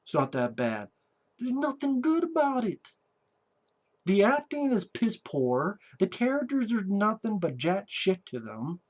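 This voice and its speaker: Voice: medium pitch, very animated, unhurried, darkish tone. A film reviewer giving a casual movie review rant, talking in a blunt, sarcastic way with a lot of swearing.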